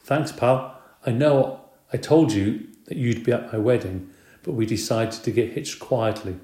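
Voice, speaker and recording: A man's voice: medium pitch, a little slow, mellow, roomy sound, close to an everyday voice. A man doing a hearty, cheerful caretaker. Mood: hearty, friendly. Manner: hearty and casual. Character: friendly cheerful adult male school caretaker.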